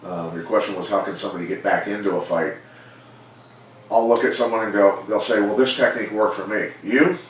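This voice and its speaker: A middle-aged man, a former fighter turned coach, telling stories in a measured, plainspoken way during an interview. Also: fairly low pitch, a little hiss or hum. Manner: measured, plainspoken, animated when quoting others. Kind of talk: casual storytelling interview. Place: gym. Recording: echoey room, mic far off.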